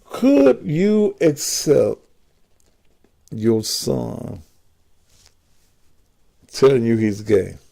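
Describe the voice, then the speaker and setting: A man hosting a call-in talk show, posing provocative, drawn-out rhetorical questions to his listeners. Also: medium pitch, sing-song, creaky, dark tone.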